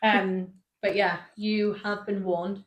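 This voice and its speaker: A woman's voice: medium pitch, flat delivery, slow. A young woman co-hosting a podcast, chatting in playful, giggly banter. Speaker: podcast co-host. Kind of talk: casual comedic chat.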